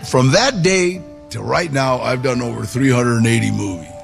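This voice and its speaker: A man telling a personal story to an audience, animated, with gravelly voice-play in the quotes. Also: mid-range voice, normal speed, over loud music. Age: 40s or older. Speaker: guest storyteller.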